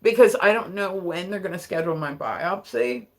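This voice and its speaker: A young adult livestreamer from Delaware, chatting casually and rambling, full of fillers and quick laughs. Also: mid-range voice, animated. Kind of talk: casual live-stream chat.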